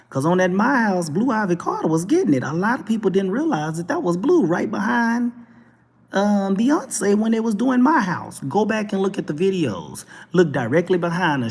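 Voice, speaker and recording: A Texan man hosting a talk show, delivering an animated, preachy monologue with mocking asides. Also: sits high, breathy edge, big-room sound. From Texas. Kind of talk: opinionated monologue.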